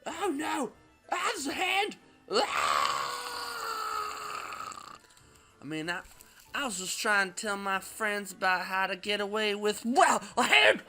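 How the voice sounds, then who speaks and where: A man putting on a deliberately bad English accent as a panicked man shrieking in fright. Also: big pitch swings, over music, heavily acted. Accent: put-on English. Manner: high shrieking yelps.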